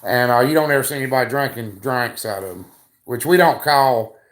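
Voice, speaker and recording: A man's voice: medium pitch, fairly quick, a bit bright. A man chatting casually and jokingly on a homestead livestream, rambling with lots of filler.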